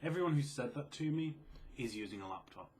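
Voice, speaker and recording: Young male video creator, soft-spoken and sleepy-sounding, casual Q&A, mid-range voice. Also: lively intonation, a little fast. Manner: quiet, low-key, self-described mellow and sleepy. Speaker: video creator answering viewer questions. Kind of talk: casual Q&A chat.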